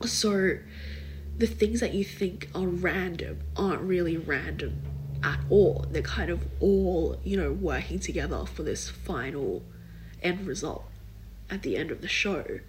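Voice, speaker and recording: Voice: medium pitch, unhurried, a little hiss or hum, low-quality recording. A young adult podcast host talking in a casual, rambling way, full of "like" and "kind of". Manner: rambling, filler-heavy, many likes and kind ofs. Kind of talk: casual solo podcast chat.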